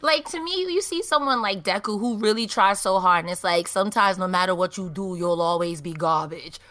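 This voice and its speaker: A woman's voice: mid-range voice, fairly quick, a bit bright. A woman guest on a livestream chat, joking animatedly and laughing a lot. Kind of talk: casual chat.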